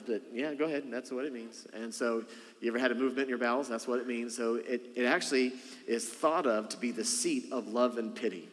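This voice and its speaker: A man's voice: mid-range voice, a bit bright, big-room sound. A man, a senior pastor preaching a conversational sermon and joking with the congregation. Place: church sanctuary.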